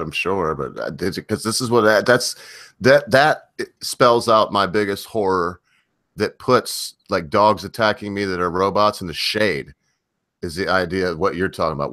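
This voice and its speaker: Deep-voiced rambling male host. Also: moderate pace, fairly bright tone, no echo. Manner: rambling, wanders off on tangents. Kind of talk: casual chat on a live stream.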